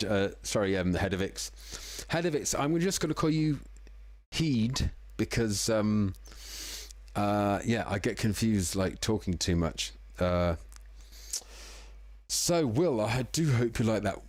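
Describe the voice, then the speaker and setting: A man's voice: lowish voice, a little mellow, no room sound. A man hosting a casual live music-making stream from home, chatty and self-deprecating, a little tipsy. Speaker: livestream music producer host. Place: home room in the evening.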